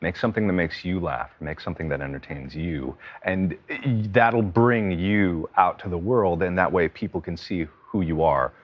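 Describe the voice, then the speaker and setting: A man in his thirties speaks with a deep, notably low voice. His answers come candidly and a little halting, full of fillers and restarts. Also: highs cut off. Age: 30s. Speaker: interview guest. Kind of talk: casual interview.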